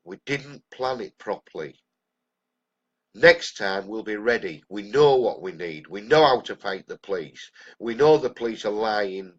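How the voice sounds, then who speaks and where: A man's voice: fairly low pitch, lively intonation, unhurried, slightly rough. An older man with an English accent and a cold, ranting bluntly and angrily on a live stream. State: has a cold. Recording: dull lo-fi live-stream audio.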